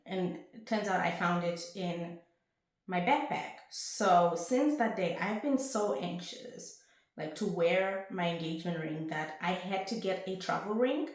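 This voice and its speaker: A young woman vlogging to camera in a rambling, chatty way at home, with bursts of excitement. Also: on the low side, unhurried. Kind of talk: casual chat to camera. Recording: very echoey room.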